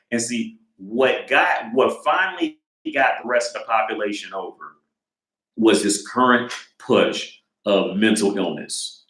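A man's voice: lowish voice, measured pace, a bit bright. A man giving his opinion in a casual, rambling monologue, restarting often and swearing freely. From United States. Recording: roomy echo.

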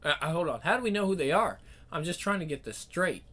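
A man's voice: on the high side, animated, fast talker, sharp tone, pitched above the performer's own voice. A man voicing a brash, blunt young lad who swears and fires off drunken questions, in a comic reading.

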